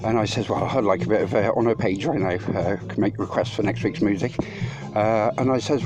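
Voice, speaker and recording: In this noisy phone-recorded walking vlog, a man lugs loads up a mountain path, panting as he rambles and curses freely to his audience. He speaks fast and animatedly in a lowish voice, with few pauses.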